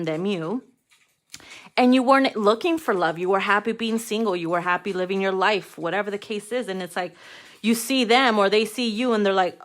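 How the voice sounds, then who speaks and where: A woman doing a casual tarot card reading, frank and playful, swearing freely, calling her viewers darling, and slowing down to read card text aloud. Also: mid-range voice, a bit bright.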